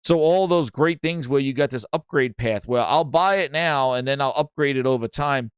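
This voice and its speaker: A man's voice: medium pitch, moderate pace, smooth, no echo, studio quality. A man hosting a gaming news show, rambling and mocking in casual chat, with many restarts. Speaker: gaming podcast host.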